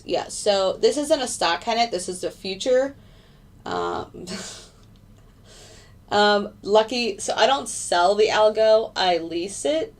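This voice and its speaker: A woman's voice: fairly low pitch, recorded from a distance. A young woman hosting a casual trading livestream, chatting loosely with many fillers as she answers viewer questions. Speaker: livestream host, futures day trader.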